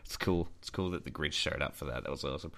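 This young man, co-hosting a casual podcast, has a bass voice with a fairly bright tone and talks fast. He rambles through a crude anecdote, swearing plenty along the way.

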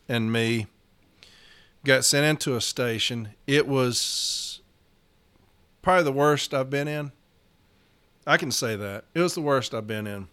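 A man's voice: medium pitch, bright, forceful tone, clean tone. A man telling a story about a workplace confrontation, blunt and profane, acting out both sides of the argument as a union representative. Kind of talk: storytelling monologue.

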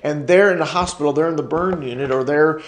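A man's voice: fairly high pitch, fast talker, reverberant. A man with an American accent teaching a church ministry class in sermon style, repeating key phrases and calling for responses from the room.

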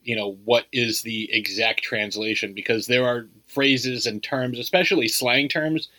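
Bright-voiced man rambling about movies. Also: medium pitch, fairly even intonation, unhurried, no echo, poor audio. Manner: rambling, lots of "like" and "you know" fillers. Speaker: podcast co-host. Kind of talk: casual movie review chat.

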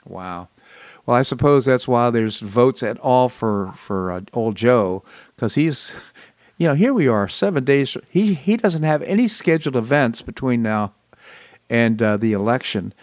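A man's voice: mid-range voice, lively intonation, unhurried, no echo. Chatty male talk show host, dry sound. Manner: conversational, chuckles often. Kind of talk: casual political chat.

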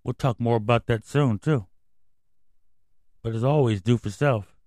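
Dark-voiced man ranting profanely. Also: medium pitch, a little slow, no room sound, clean studio sound. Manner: profane, rambling, conspiratorial. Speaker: host. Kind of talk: casual radio rant.

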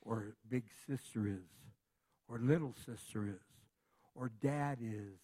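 A man preaching a sermon in a lively, conversational way, acting out little everyday scenes as he goes. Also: mid-range voice, slow. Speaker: pastor.

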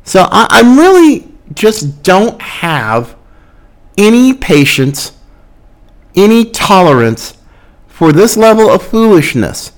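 A man's voice: high voice, low-quality recording. A man hosting a podcast, giving an impassioned political commentary monologue, arguing and mocking opponents' slogans. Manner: impassioned, argumentative, with mocking quotes. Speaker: podcast host.

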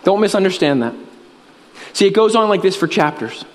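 A man preaching a sermon as a pastor, earnest and repetitive, with emphatic pauses. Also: sits high, animated. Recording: reverberant hall.

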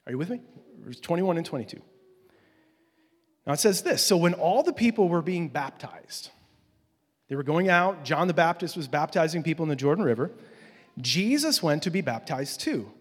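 A man's voice: on the high side, very animated, moderate pace, long pauses, husky. A male pastor giving a conversational sermon, swelling to emphatic peaks as he drives his points home. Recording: long hall reverb.

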